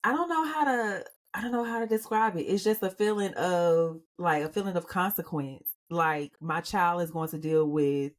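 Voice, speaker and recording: A woman's voice: lowish voice, moderate pace, few pauses. A woman co-hosting a casual podcast chat, speaking earnestly and searching for words. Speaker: podcast co-host.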